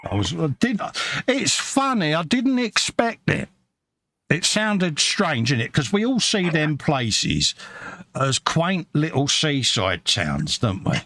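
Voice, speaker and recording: A man's voice: on the high side, slow pace, no room sound. A middle-aged man with a Cockney accent, chatting casually on a live stream and reading out viewer comments. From East End of London. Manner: chatty, lively storyteller.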